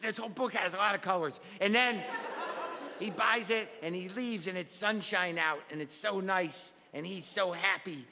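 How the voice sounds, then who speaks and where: On a comedy stage, a man voices a small child earnestly reading a beloved picture book in a naive, sing-song way, raising his voice above its natural pitch. The pace is moderate, and the echoey live club carries crowd noise and laughter.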